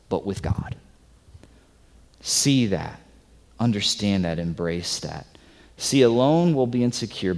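A male pastor preaching a sermon, swinging from loud emphatic stretches to soft hushed ones. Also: medium pitch. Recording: long hall reverb.

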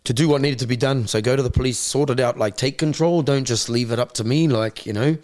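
A man's voice: medium pitch, fast talker, darkish tone, dry recording, clean studio sound. A man in his forties with a New Zealand accent, a guest on an interview podcast. He tells his story bluntly, swears freely and restarts his sentences often. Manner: acts out other people's voices in his stories. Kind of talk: candid conversational storytelling.

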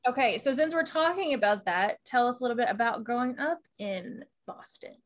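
A woman hosts a relaxed conversation, steering it with short prompts and questions. Her voice sits a little high. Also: a little fast. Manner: brief prompting remarks and questions. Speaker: podcast host. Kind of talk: casual chat.

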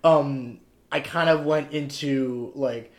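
A man's voice: medium pitch, slow. A man co-hosting a podcast, chatting casually about horror movies with lots of fillers. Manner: chatty, many fillers, animated retelling of scenes. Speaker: podcast co-host.

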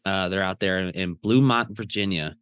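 A man's voice: deep voice, normal speed, a bit bright, clear, resonant tone, dry recording. A man co-hosting a podcast, talking in an easygoing way with frequent hesitations. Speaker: podcast co-host. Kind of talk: casual podcast chat.

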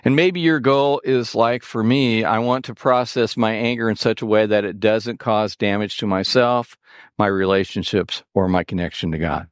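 A man preaching a sermon, animated and expressive, with sarcastic asides. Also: lowish voice, moderate pace, smooth, no room sound, studio quality. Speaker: pastor.

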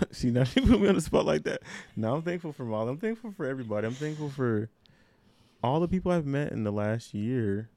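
A man's voice: medium pitch, sing-song, a little fast, warm tone, dry recording. A man co-hosting a podcast in casual chat, rambling and laughing easily. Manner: laid-back, rambling, lots of fillers and laughs. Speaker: podcast co-host.

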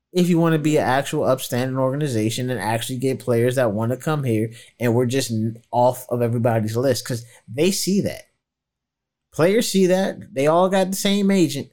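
A man co-hosting a casual sports talk show, talking in a loose, colloquial way and acting out what others told him. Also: medium pitch. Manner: animated, colloquial, slips into quoted voices. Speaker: podcast co-host.

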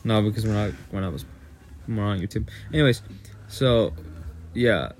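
A man's voice: on the low side, normal speed, a little hiss or hum. A young man co-hosting a podcast, casually telling a long, profane story about work. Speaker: podcast co-host. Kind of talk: casual chat.

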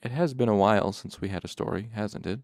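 A man voicing a gentle, patient male caretaker of sick children, speaking in a soft, soothing murmur. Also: fairly low pitch, fast talker, no echo, studio quality, natural voice.

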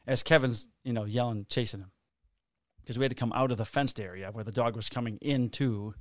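A man's voice: mid-range voice, fairly quick, no echo, studio quality. Profane man telling a cop story. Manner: profane, animated, acts out quotes. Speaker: police officer guest. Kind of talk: casual storytelling.

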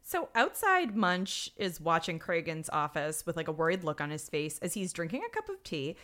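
A young woman with a lowish voice, speaking at normal speed, co-hosts a podcast and wryly recaps a TV episode in casual chat. She's expressive and mimics the characters, including the ones who yell.

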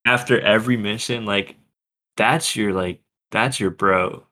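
A man's voice: fairly low pitch, measured pace, bright, forceful tone. A man co-hosting a podcast, chatting eagerly about a TV episode, laughing often and saying "like" a lot. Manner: enthusiastic, laughs often, lots of "like". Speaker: podcast co-host. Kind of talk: casual chat reviewing a TV episode.

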